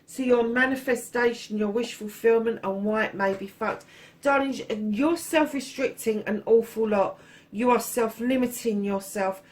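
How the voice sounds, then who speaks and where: A woman's voice: on the high side, measured pace. A woman giving a casual tarot reading to her viewers, blunt and frank, swearing freely and calling listeners darling. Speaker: tarot reader.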